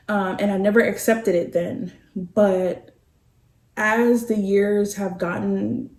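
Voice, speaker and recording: A middle-aged woman telling a personal story in a slow, halting, heartfelt way to her vlog viewers. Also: mid-range voice, mellow, distant mic. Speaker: vlogger. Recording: echoey room, off-mic.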